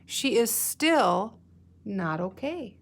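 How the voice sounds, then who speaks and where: A woman teacher speaks at an unhurried, deliberate pace, walking young readers through new words one sound at a time. She stretches words out, repeats them and leaves pauses for the children to answer. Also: medium pitch, sing-song, gravelly. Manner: slow, patient, sounding out words and pausing for answers. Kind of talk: recorded guided-reading lesson for young students.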